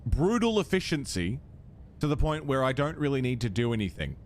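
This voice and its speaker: A man's voice: medium pitch, very animated, fairly quick, slight background noise. A young Australian man hosts a casual game livestream, loose and talkative and given to cheerful swearing. His voice sits in an ordinary middle register and sounds natural and unforced. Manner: chatty, swears casually, reads game dialogue aloud. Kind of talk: casual gaming stream chat.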